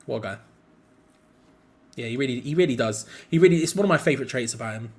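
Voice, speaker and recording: A young man hosting a live football watch-along, mixing quick play-by-play with rambling chat and sudden excited outbursts. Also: mid-range voice. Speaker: fan channel co-host.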